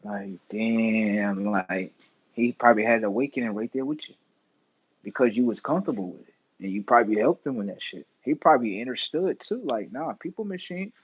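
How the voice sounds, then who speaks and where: A young man, hosting a casual livestream monologue, animated and full of slang, swinging between loud bursts and mumbles. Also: lowish voice, a little fast, breathy edge, no room sound, dull audio. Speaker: livestream host.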